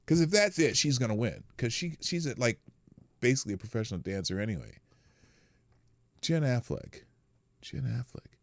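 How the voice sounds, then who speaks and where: A man's voice: mid-range voice, sing-song, quick pace, no room sound. A man hosting a casual morning live stream, chatting wryly and greeting viewers in the chat by name.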